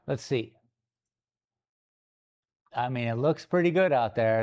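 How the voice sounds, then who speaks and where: A man talks casually on a live stream as he paints in a gallery studio. His delivery is slow and unhurried, loose and playful, and he breaks off now and then to tease his puppy. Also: mid-range voice, darkish tone, highs cut off.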